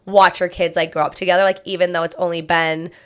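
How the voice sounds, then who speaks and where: A woman's voice: fairly low pitch, level tone, quick pace, a bit bright, smooth. A young woman and mother co-hosting a podcast in casual chat, talking with many filler "likes". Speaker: podcast co-host.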